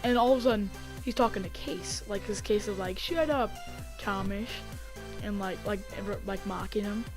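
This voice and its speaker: A woman telling a story in a casual vlog, rambling with lots of fillers and getting excited as she acts it out on a desk mic. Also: mid-range voice, brisk, music in the background. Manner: rambling, heavy on fillers, gets excited acting out the fight. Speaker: vlogger.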